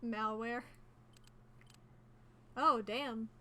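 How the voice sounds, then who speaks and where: A woman streaming a detective game, who reads its dialogue aloud and chats casually, joking and thinking out loud. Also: fairly high pitch, fairly even intonation, very slow. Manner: chatty, jokey, thinks out loud.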